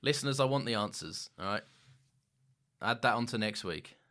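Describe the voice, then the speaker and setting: A man co-hosting a podcast in casual chat, teasing and quick to laugh, with a bad cough. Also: medium pitch, expressive, fairly bright tone. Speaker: podcast co-host.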